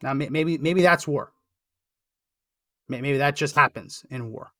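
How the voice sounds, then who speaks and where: Male political show host, earnest and emphatic, bright tone, dry close studio mic. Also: a little high, measured pace, dry recording. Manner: earnest and emphatic, repeats phrases for stress. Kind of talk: opinionated political commentary.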